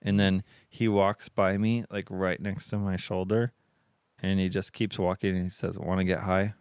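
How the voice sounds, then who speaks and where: A man's voice: deep voice, level tone, moderate pace, a little mellow, clear, resonant tone, dry recording, studio quality. A man co-hosting a podcast, telling a rambling story in casual chat with lots of fillers. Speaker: podcast co-host.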